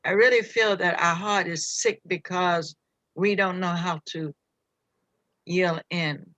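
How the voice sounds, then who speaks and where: A woman's voice: fairly low pitch, fairly even intonation, slow pace, a bit bright, no echo, lo-fi sound. A woman sharing reflective, heartfelt thoughts on a group call, earnest and searching, often restarting her sentences. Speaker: call participant.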